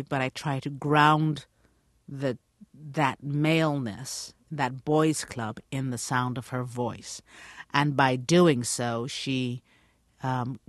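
A woman's voice: very deep voice, no room sound, clean studio sound. A woman, an actress, telling stories in an interview and acting out the people she quotes. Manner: animated storyteller, acts out quotes. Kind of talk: radio interview.

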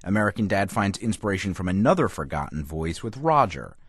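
Wry, low-voiced male radio critic. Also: expressive, fairly quick, husky, no echo, studio quality. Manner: wry, emphatic delivery. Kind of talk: scripted radio review.

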